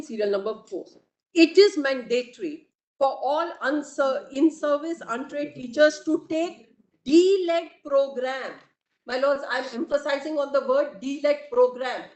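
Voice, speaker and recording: A woman advocate with an Indian accent, making a formal, deliberate courtroom argument and addressing the bench again and again. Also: high voice. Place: courtroom hearing. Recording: echoey courtroom audio.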